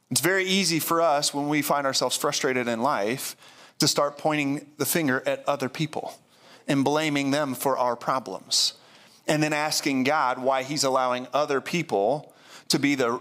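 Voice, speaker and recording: A man's voice: mid-range voice, a little slow, a bit bright. Earnest man preaching a sermon. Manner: earnest, candid preaching with frequent repeats and restarts. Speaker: pastor.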